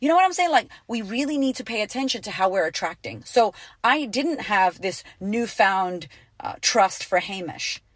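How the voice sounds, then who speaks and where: A woman coaching her listeners on a podcast, blunt and foul-mouthed, hammering her points home by repeating them. Her voice sits at an ordinary middle pitch for a woman. It comes through dry and close, with no room sound around it. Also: lively intonation, moderate pace, no room sound. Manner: blunt, profane and emphatic, repeating phrases for punch. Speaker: podcast host and life coach. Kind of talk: casual motivational podcast talk.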